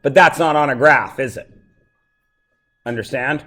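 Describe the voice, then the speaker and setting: A man's voice: mid-range voice, unhurried, pushed and bright. A man teaching a math review lesson to a classroom, joking and going off on tangents while checking that his students follow.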